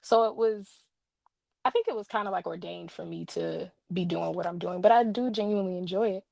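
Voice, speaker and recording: A woman's voice: on the low side, a little fast, gravelly, dry recording. A young woman who reviews books, chatting in an interview and telling stories with playful asides. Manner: animated storyteller with laughs and playful asides. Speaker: guest, book reviewer. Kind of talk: casual interview chat.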